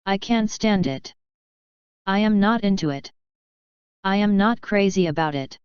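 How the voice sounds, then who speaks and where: A woman reads short example phrases for an English lesson, one after another. Her voice is very clear and her pace slow and deliberate. The recording is dry and slightly dull. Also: medium pitch, lively intonation, no room sound. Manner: slow, careful, evenly spaced delivery of short phrases. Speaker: English teacher. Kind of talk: reading example phrases aloud.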